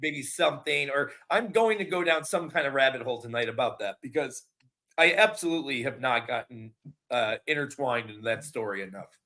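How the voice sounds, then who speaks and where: A man's voice: mid-range voice, fairly quick. A man co-hosting a podcast, joking around in casual chat. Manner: joking and animated, laughs often. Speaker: podcast co-host.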